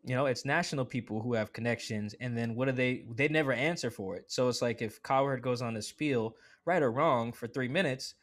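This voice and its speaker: A man talking as a guest on a sports podcast, in a casual, animated way full of asides and "like" fillers. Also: medium pitch. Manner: animated, quick asides, acts out quoted voices; conversational with frequent "like" fillers.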